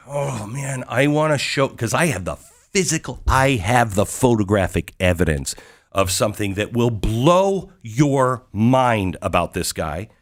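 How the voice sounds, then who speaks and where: A talk show host telling a story in an excited, emphatic way, with rhetorical questions to the audience. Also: male voice, medium pitch. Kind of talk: monologue recounting a visit.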